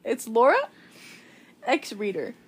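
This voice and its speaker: A young woman in her twenties chatting casually, excitable and giggly, retelling stories dramatically. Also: fairly high pitch, slow pace, breathy edge. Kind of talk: casual chat.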